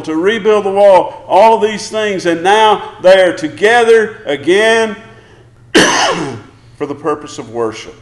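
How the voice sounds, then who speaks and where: A man preaching a sermon, emphatic, asking the congregation one question after another. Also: sits high. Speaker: pastor. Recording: roomy echo.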